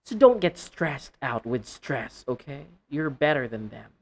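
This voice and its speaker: This man gives an online pronunciation lesson, drilling words by repeating them in a deliberate, slightly playful way. He speaks at a medium pitch and is very animated.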